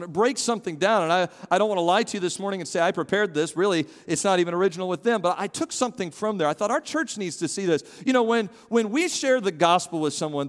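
A man preaching a sermon as pastor, earnest and conversational, swinging from loud to soft. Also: a little high. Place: church sanctuary. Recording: long reverb of a church hall.

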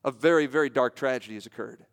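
A pastor from the United States delivering a sermon, moving between raised emphasis and hushed, low-spoken passages with rhetorical questions. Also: male voice, fast talker, gravelly. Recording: long reverb of a large hall.

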